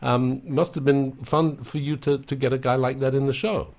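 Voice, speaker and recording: A man's voice: mid-range voice, steady tone, moderate pace, vocal fry, darkish tone. A man interviewing a theater director, chatty and complimentary, often stumbling over restarts. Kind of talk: interview questions.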